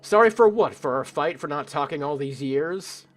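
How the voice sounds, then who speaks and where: A man's voice: on the high side, steady tone, normal speed, a bit bright, soft background music, natural voice. A man voicing a nervous, guarded young woman bartender who stammers when flustered, reading game dialogue aloud. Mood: upset. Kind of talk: let's play voice acting.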